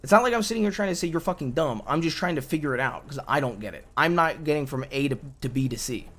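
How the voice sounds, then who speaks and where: Playing an exasperated young man in an improvised game roleplay, this man speaks fast in a slightly high, bright, animated voice. He's frustrated, pleading with his partner, repeating himself and stumbling over his own restarts.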